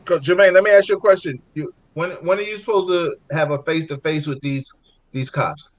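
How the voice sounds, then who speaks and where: A man's voice: fairly high pitch, a little fast, poor audio. A man cohosting in casual chat, breaking in with short eager agreements. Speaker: podcast cohost.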